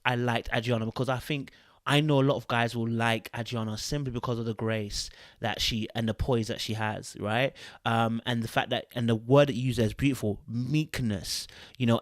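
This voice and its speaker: A man, hosting a podcast and reading out fan comments in a chatty, animated way that often repeats itself. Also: medium pitch, no room sound, clean studio sound. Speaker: podcast host.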